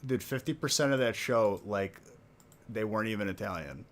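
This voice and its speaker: A man's voice: fairly low pitch, moderate pace. A man hosting a live stream, ranting in casual chat and saying "like" a lot. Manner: ranting, heavy use of "like". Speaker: stream host.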